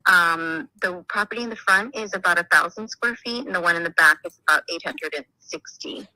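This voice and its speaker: A woman's voice: on the low side, brisk, bright, forceful tone, dry recording, poor audio. A woman agent describing a property, hesitant and easygoing, with many fillers. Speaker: listing agent. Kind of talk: phone conversation.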